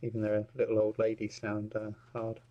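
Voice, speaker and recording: Man repair tech talking through his work, chatty, low-ish voice. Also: monotone, normal speed, dull audio. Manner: chatty, commenting as he works. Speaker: repair technician. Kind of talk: narrating a repair while working. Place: repair workshop.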